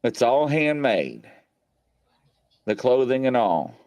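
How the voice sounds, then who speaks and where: A man hosting a paranormal show from his home studio, telling stories in a rambling, animated way full of fillers. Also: mid-range voice, slow, no room sound. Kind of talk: casual live-stream chat.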